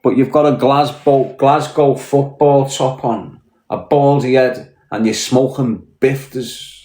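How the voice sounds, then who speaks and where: A man with a Scouse accent from Liverpool, talking bluntly and full of swearing in a casual live-stream rant. His voice sits at a middle pitch. It rings in an echoey room. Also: fairly even intonation, measured pace, mellow. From Liverpool, England. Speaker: podcast host.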